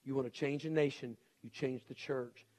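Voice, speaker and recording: A man's voice: medium pitch, fairly even intonation, normal speed, darkish tone. A middle-aged man preaching a sermon as pastor, earnest and pleading, with repeated urgent appeals to his congregation.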